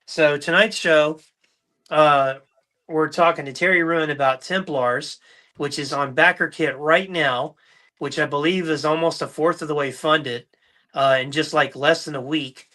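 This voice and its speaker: Bright-voiced middle-aged man telling stories. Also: a little high, measured pace. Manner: storytelling, animated, mimics voices in anecdotes. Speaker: podcast host. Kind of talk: casual chat.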